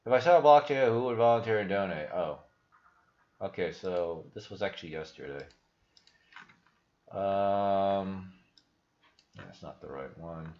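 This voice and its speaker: Profane, rambling low-voiced man. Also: expressive, measured pace, long pauses. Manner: profane, rambling, many restarts. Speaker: crypto channel host. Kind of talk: casual livestream commentary. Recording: roomy, slightly dull sound.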